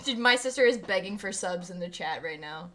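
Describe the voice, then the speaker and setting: Bright, lively young woman streamer. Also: lowish voice, a little fast. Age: 20s. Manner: giggly, animated, talks to chat. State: a little tipsy. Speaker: streamer host. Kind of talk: casual livestream chat.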